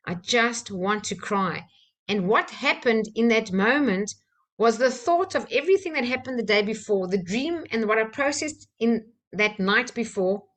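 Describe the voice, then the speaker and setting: A woman, a personal-development trainer from South Africa, telling a candid personal story with soft laughs and fillers. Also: fairly high pitch, animated, moderate pace.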